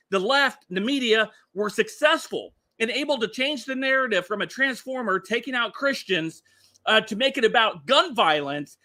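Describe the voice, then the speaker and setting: A man's voice: high voice, sharp tone. A middle-aged man hosting a casual commentary livestream, rambling and chuckling with lots of filler words. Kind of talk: casual political commentary stream.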